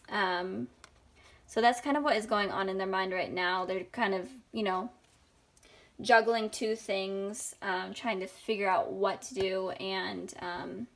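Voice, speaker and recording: Chatty woman giving a tarot reading. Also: mid-range voice. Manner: chatty, rambling, many ums. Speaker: tarot reader. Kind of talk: casual tarot reading monologue.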